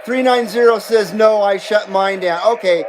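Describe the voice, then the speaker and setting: A man hosting a CB radio livestream, chatting casually and reading out viewer comments in a laid-back, drawn-out way. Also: sits high, crowd noise, poor audio. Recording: steady background noise.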